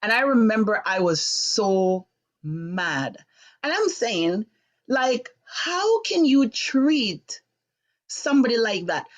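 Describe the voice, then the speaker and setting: A middle-aged woman from Jamaica, hosting a live online talk show, recounts a family story at length. Her voice sits fairly high and swings widely as she quotes people and grows indignant. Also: takes it slowly. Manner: animated, acts out voices in quotes, rising to sharp indignation. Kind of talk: personal storytelling on a live stream.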